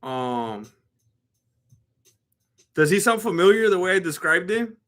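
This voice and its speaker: A man hosting a live stream, reacting to a fight with excitable, teasing commentary. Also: high-pitched, a little slow. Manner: excitable, laughs often, teasing.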